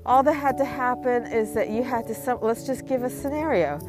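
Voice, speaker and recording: A woman's voice: a little high, brisk, music in the background. A woman giving casual advice in a rambling, conversational monologue full of fillers.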